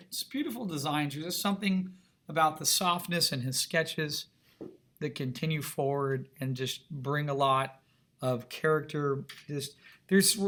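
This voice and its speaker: A man giving a recorded art lesson with plenty of enthusiasm, pitched a touch high for a man. He talks casually and keeps pulling his students in with direct questions. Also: sharp tone. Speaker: art instructor.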